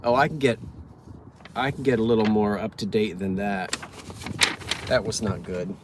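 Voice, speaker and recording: A man's voice: fairly low pitch, fairly even intonation, normal speed, noisy background. A man chatting casually and reading out corny jokes, poking fun at himself and tripping over words. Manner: chatty, self-mocking, stumbles over words. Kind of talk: casual chat from a parked car. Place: inside a car.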